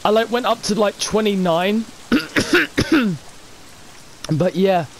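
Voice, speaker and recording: Hoarse, high-voiced sweary gamer. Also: male voice, big pitch swings, takes it slowly, a little hiss or hum, low-quality recording. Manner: sweary, ranting, frustrated. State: hoarse from screaming. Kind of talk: gaming commentary.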